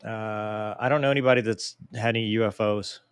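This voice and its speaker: A man's voice: lowish voice, brisk, clean tone, no echo, clean studio sound. Joking man reading viewer questions. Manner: joking, self-deprecating, animated. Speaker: host answering viewer mail. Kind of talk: casual live Q&A chat.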